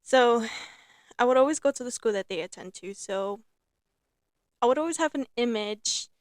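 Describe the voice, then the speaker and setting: A young woman hosting her own podcast in casual, rambling talk, repeating herself and filling pauses with um and like. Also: fairly high pitch, lively intonation, dry recording, clean studio sound. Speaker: podcast host. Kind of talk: casual solo podcast chat.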